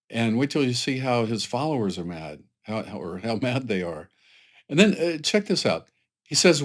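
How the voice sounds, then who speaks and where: A man's voice: mid-range voice, very animated, normal speed. A man giving casual political commentary, emphatic and sarcastic, rambling with frequent restarts.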